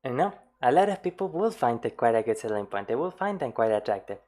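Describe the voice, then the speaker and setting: A woman with an extremely low, deep voice hosts a casual reaction stream. She chats loosely and laughs often between remarks. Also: sing-song, fast talker, warm tone.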